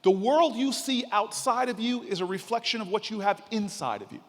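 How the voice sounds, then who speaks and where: A man's voice: high voice, expressive, fairly quick. A man voicing a stern, wise elderly woman tenant leader lecturing firmly. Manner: firm, lecturing. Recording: reverberant hall.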